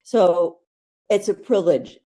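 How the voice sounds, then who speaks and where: A woman's voice: lowish voice, measured pace, warm tone. A woman, a nurse talking candidly as a podcast guest, blunt and rambling with fillers. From United States. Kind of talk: candid conversational storytelling.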